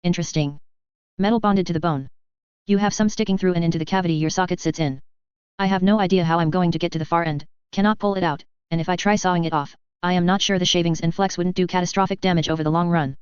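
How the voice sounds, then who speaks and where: A woman's voice: on the low side, fairly even intonation, fast, darkish tone, clean tone, no echo, lightly acted. A woman reading the part of a blunt, smug male medic who leans hard on his syllables. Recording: slightly dull recording.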